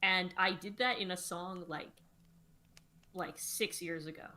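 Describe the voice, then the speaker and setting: Bright-voiced woman explaining rhymes. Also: lowish voice, unhurried. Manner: explains lyric meter and rhyme in detail. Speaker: songwriter co-host. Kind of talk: casual livestream chat.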